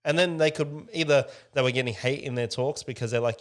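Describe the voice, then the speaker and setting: Animated male podcast co-host. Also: mid-range voice, a little fast. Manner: animated, lively when quoting others. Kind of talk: casual business podcast chat.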